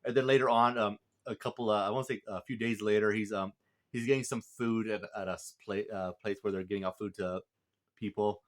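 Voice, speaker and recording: A man's voice: lowish voice, fairly even intonation, brisk. A man talking through a film's plot in a casual, rambling review, with lots of fillers and restarts and the odd chuckle. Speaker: movie reviewer. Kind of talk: casual spoken movie review.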